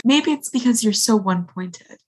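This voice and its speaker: A woman's voice: on the high side, lively intonation, normal speed, a little mellow. A woman in casual chat, speaking hesitantly and laughing between her words.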